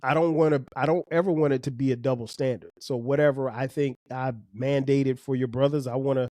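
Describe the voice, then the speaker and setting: A man's voice: medium pitch, steady tone, fairly quick, mellow, dry recording, clean studio sound. A middle-aged man, a podcast host and father, talking earnestly about parenting, often restarting and repeating words. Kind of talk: reflective casual talk.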